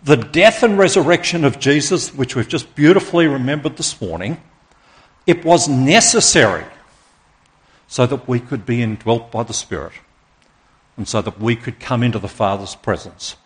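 A man's voice: medium pitch, animated, moderate pace. A man preaching a sermon as pastor to his congregation, earnest and emphatic, stopping to put questions to the listeners.

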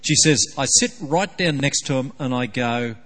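A man's voice: mid-range voice, moderate pace, a bit bright, in a large hall. A man preaching a sermon as pastor, playful and full of teasing rhetorical questions.

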